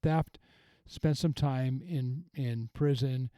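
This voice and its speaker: A middle-aged man, a pastor hosting a podcast, teaching earnestly and reflectively in a relaxed conversation, often restarting his sentences. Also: mid-range voice, slow pace, no room sound. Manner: earnest, reflective, with frequent restarts and retold quotes.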